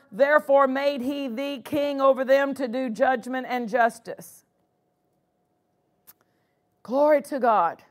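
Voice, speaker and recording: A woman pastor preaching a sermon in a church, punctuating her points with exclamations of praise. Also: sits high. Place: church sanctuary.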